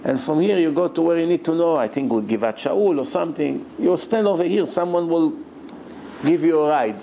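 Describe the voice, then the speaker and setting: A man voicing a hurried, middle-aged driver who apologizes in a rush and grows exasperated, in a gravelly voice. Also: a little high, animated, mellow, slight background noise. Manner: rushed, apologetic, then exasperated.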